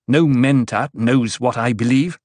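A man voicing a quick-tempered, imperious young noblewoman in an audiobook, speaking in a sharp, commanding and scornful way. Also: medium pitch, dry recording, lightly acted. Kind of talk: audiobook character voice.

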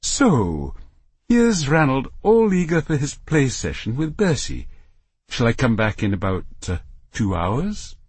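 A man's voice: mid-range voice, wildly swooping pitch, unhurried, darkish tone, slightly rough, no echo, pitched above the performer's own voice, full character voice. A man voicing an irritable mother who speaks with a sugary, clipped politeness. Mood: needling. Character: irritable suburban mother, tight-lipped.

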